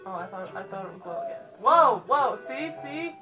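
A young woman with a New York accent giving giggly, teasing, excitable gaming commentary, with game music behind. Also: fairly high pitch, normal speed. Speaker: let's play co-host.

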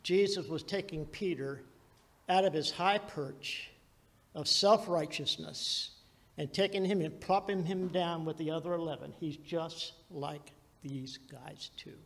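A man preaching a sermon as pastor, telling the story dramatically and swinging between loud and hushed passages. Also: fairly high pitch, fairly even intonation, measured pace, vocal fry, long reverb tail.

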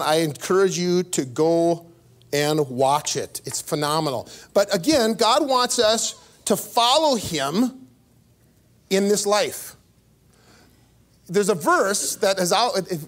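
A man preaching a sermon as pastor, telling stories with sudden jumps in pitch and small laughs along the way. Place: church.

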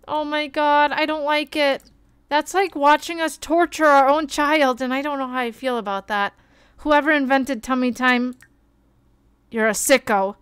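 Bright, excitable young woman streamer. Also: high-pitched, a little slow. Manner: excitable, gasping, chatty. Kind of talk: casual gameplay commentary.

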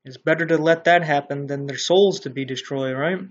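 A man gives an informal sermon in a husky, slightly high voice. He talks bluntly, with mild swearing, and turns loud and animated when he drives a point home. The recording sounds dull and lo-fi. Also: moderate pace. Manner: grows louder and more animated when making a point. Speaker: online Christian commentator. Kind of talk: casual preaching to camera.

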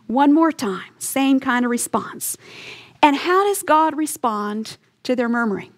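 Woman Bible teacher, slightly high voice, earnest and emphatic delivery. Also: lively intonation, unhurried. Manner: earnest and emphatic, leaning into key words.

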